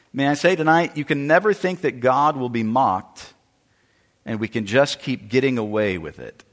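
A man preaching a sermon, emphatic, with sudden drops to quiet and rises to loud. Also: medium pitch. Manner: emphatic preaching with wide swings in loudness. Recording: long reverb of a large hall.

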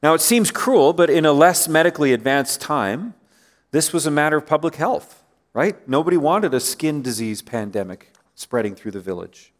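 A man's voice: a little high, expressive, normal speed. Man preaching a conversational sermon. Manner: conversational, asks the congregation rhetorical questions. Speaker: pastor.

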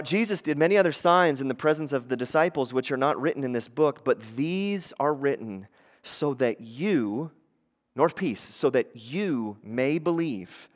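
A man preaching a sermon as pastor, conversational and animated, acting out the voices he quotes. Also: a little high, big-room sound.

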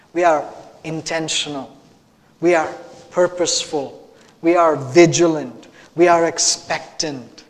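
Man preaching in a reverberant sanctuary. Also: on the high side. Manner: rising to forceful emphatic peaks, repeating phrases. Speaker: pastor. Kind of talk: sermon. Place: church sanctuary.

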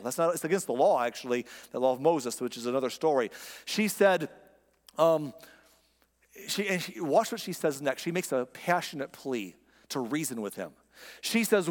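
Male pastor, sermon, impassioned, conversational, slightly high voice, long hall reverb. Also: expressive, moderate pace.

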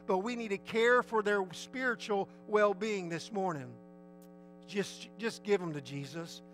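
A man's voice: high voice, moderate pace, bright, forceful tone, soft background music, rough recording. A man, preaching a sermon in an emphatic, folksy storytelling way. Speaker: pastor.

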